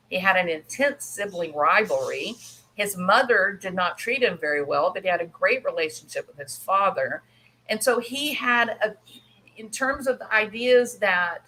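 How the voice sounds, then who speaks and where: Lively, bright-voiced woman podcaster. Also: medium pitch, slight background noise, low-quality recording. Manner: chatty, laughs, acts out quoted voices. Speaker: podcast host. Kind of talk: casual explanatory monologue.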